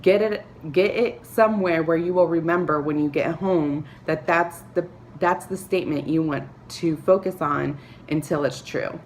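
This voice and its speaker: A woman talking to camera, giving earnest, encouraging advice with soft laughs and filler words. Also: deep voice, moderate pace, few pauses, slight background noise. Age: adult, a parent. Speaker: vlogger. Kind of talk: motivational talk to camera.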